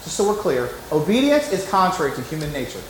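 A man's voice: on the high side, very animated, fast, echoey room, slight background noise, poor audio. A man preaching a sermon as pastor, emphatic and conversational, often acting out the voices he quotes.

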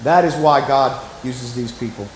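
A man's voice: mid-range voice, moderate pace, roomy sound, slight background noise, poor audio. A man preaching a sermon as pastor, emphatic and conversational, often acting out the voices he quotes.

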